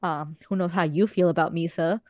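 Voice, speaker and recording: A woman's voice: on the low side, steady tone, fairly quick, darkish tone, dry recording. A young woman on a podcast, casually telling stories in a chatty way with some swearing. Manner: chatty storytelling, frequent swearing. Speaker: podcast host. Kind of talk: casual chat.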